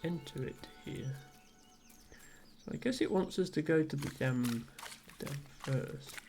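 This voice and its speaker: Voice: medium pitch, slow pace, dark tone, faint music behind. A streamer playing a game live, chatting casually and amused while reading chat messages aloud.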